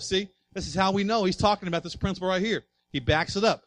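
High-voiced man preaching with force. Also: fast, no room sound. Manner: emphatic preaching, swings from soft asides to loud passages; asks the congregation rhetorical questions. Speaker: pastor. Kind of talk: sermon.

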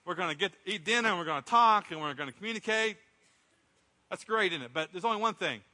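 A man's voice: high-pitched, animated, fast, bright, forceful tone. A middle-aged man preaching a sermon as a pastor, in a conversational storytelling way that acts out what people said, recorded in a church sanctuary. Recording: long reverb from a church hall.

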